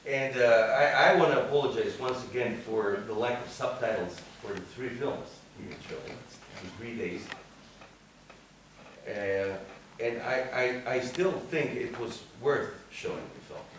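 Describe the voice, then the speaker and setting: A man's voice: medium pitch, unhurried, a little hiss or hum. A man, a film teacher, answering earnestly at a screening Q&A and correcting himself as he goes. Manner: earnest, self-correcting, laughs easily. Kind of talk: public Q&A after a screening. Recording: echoey hall, mic from far off.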